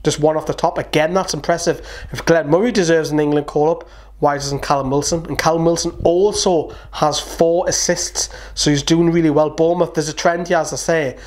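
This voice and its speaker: Chatty football fan host, Geordie accent. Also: male voice, fairly high pitch, steady tone. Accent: Newcastle (Geordie). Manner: chatty, opinionated, quick asides. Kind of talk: casual match preview to camera.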